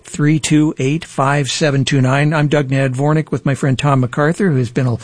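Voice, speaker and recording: A man's voice: a little high, fairly even intonation, no echo. Man hosting a public radio pledge drive. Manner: loose, halting, with fillers and restarts. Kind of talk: pledge drive on-air chat. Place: radio studio. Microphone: studio microphone.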